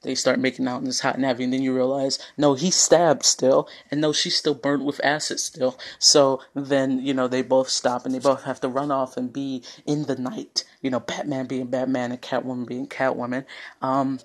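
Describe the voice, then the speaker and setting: Speaking at a moderate pace in a mid-range voice with little pitch movement, this online video host walks through a film scene by scene in a casual recap, wandering onto tangents with plenty of fillers.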